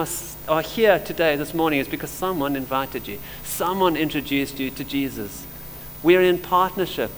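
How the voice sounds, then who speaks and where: A middle-aged man preaching a sermon, swinging between loud emphasis and quiet, intimate moments. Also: sits high. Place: church hall. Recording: echoey church hall with faint hum.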